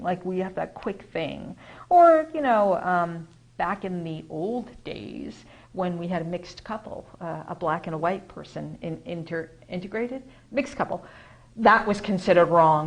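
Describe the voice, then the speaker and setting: A woman's voice: fairly low pitch, measured pace, poor audio. American woman rambling through a casual talk, lots of ums and restarts, perks up to make a point. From United States. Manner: chatty, rambling with fillers and self-corrections; acts out quoted voices, gets animated when emphasizing. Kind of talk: casual spoken reflection.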